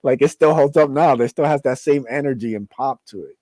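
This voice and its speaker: A man's voice: medium pitch, fairly quick, dark tone, no room sound. A man in casual podcast chat, talking enthusiastically and rambling with many fillers. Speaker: podcast guest, comic creator.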